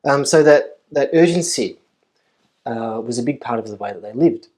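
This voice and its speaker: A man giving a conference lecture at a university, thoughtful and measured, often pausing with ums and repeating key phrases for emphasis. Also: medium pitch, lively intonation, darkish tone. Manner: thoughtful, with frequent ums and uhs.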